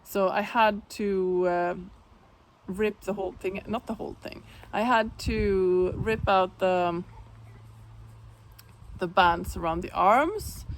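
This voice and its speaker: A woman hosting a knitting podcast, chatting casually on her own in a relaxed way with plenty of fillers. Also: mid-range voice, slow, slight background noise. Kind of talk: casual solo chat.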